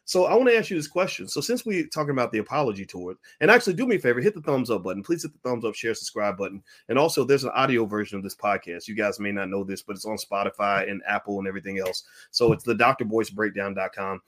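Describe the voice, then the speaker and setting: A middle-aged man hosting a podcast, giving a mocking, animated commentary monologue, at times breaking into a high wailing baby voice. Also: fast, hardly any pauses. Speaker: podcast host.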